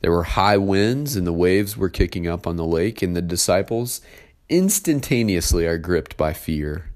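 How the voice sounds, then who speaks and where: A man preaching a sermon, reading a Bible passage and then explaining it in a relaxed, conversational way with frequent filler words. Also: sits low, normal speed. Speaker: pastor.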